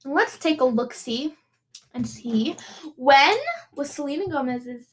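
A woman's voice: high voice, takes it slowly, low-quality recording. A young woman hosting a casual solo podcast, bubbly and giggly, full of rambling asides. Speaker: podcast host.

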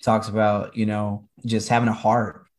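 A man's voice: fairly low pitch, little pitch movement, moderate pace, a little mellow. A man co-hosting a podcast interview, rambling in a supportive way with many fillers. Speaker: podcast co-host. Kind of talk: casual interview chat.

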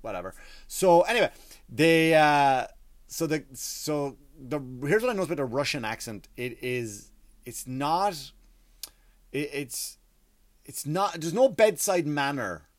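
Rambling Irish comedian, dry close mic. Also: male voice, on the high side, expressive, unhurried, no room sound. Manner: rambling, profane, frequent restarts and asides. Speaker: comedian and podcast host. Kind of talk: comic storytelling monologue.

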